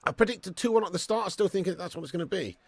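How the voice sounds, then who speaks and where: Gravelly man bantering on a live stream. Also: sits high, animated, fast, no room sound. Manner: chatty banter reading out viewer comments, swears and laughs often. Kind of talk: casual live watch-along chat.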